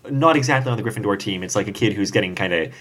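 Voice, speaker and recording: A man's voice: lowish voice, racing, fairly bright tone. A man in a casual group chat who recaps a story's plot with dry, wry asides. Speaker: podcast co-host discussing fan fiction.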